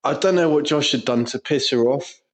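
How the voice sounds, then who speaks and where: A man's voice: mid-range voice, brisk. An Englishman with a crude, sweary way of talking, telling school stories in casual podcast banter and laughing through them. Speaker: podcast co-host.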